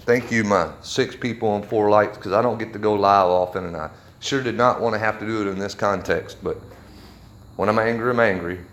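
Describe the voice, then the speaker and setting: A man ranting heatedly on a livestream from his workshop, blunt and forceful. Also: lowish voice, fairly quick. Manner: heated, blunt, with a Southern drawl of words. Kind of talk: angry live video rant.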